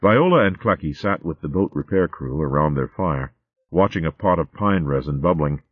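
A man with a deep, low voice narrates a storybook. His reading is animated and expressive, with wide swings in pitch. The audio is narrow and phone-like, recorded dry with no room sound. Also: normal speed, dry recording.

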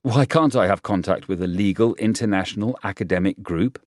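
A proper, buttoned-up male professor, stiff and formal, bristling when pushed, as a man reads him. Low voice, close and dry. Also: a little fast, dry recording, natural voice. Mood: irritated. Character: polite, formal scientist professor, man, easily offended.

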